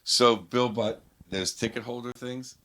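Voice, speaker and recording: Speaking a little slowly with fairly even intonation, this middle-aged Pittsburgh man has a medium-pitched, fairly bright voice. He's a guest comedian casually telling a podcast story that rambles and keeps restarting.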